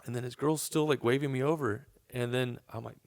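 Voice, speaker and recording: A man's voice: mid-range voice, steady tone, fairly quick, darkish tone, no echo, clean studio sound. A young man casually telling a long story on a podcast, swearing and acting out what people said. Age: young adult. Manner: laid-back, swearing, acts out quotes.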